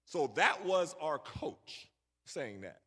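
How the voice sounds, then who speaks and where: A man's voice: fairly high pitch, sing-song, takes it slowly, a bit bright, husky. A middle-aged man telling a story to a young audience and bantering with the crowd. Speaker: guest speaker. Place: large church hall. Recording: echoey church hall.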